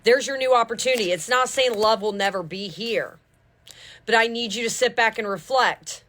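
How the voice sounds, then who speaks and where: A woman's voice: fairly high pitch, normal speed, a bit bright. Fervent woman reading tarot cards. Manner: fervent, preachy, repeats "do you understand"; casual swearing. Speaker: tarot reader.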